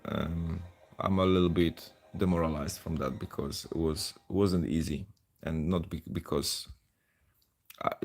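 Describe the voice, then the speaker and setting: A deep, gravelly man from Poland gives live gameplay commentary. He rambles in a loose, chatty way and often pokes fun at himself. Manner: rambling, chatty, self-deprecating. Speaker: mobile game streamer.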